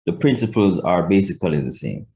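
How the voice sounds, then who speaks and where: Low-voiced Jamaican man teaching a class. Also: lively intonation, brisk, dark tone. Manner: conversational, repeats words when starting sentences. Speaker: language teacher. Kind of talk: live class lecture.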